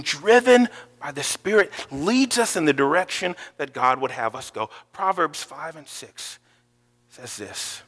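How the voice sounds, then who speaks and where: A middle-aged male pastor preaching an animated sermon, acting out quotes and sometimes shouting. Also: fairly high pitch, a little slow. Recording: long hall reverb.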